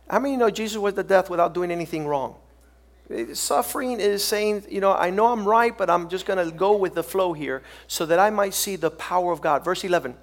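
A man preaching a sermon as pastor, talking loosely with false starts and building to loud, emphatic bursts. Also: high voice, brisk.

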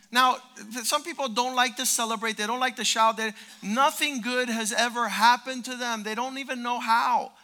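A man preaching a sermon as pastor, animated, jumping from quiet asides to loud shouts. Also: extremely high pitch.

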